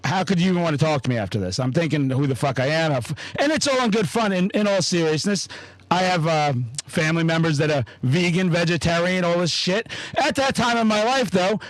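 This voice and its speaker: A man's voice: high voice, dry recording, low-quality recording. A man in his thirties hosting a casual podcast chat, telling stories with lots of swearing. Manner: profane, animated storyteller. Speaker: podcast host.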